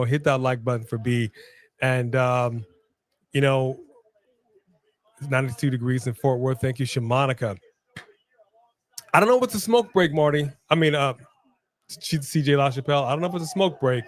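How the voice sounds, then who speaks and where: A man co-hosting a live wrestling watch-along stream in casual chat, loosely joking and reading out viewer shout-outs. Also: mid-range voice.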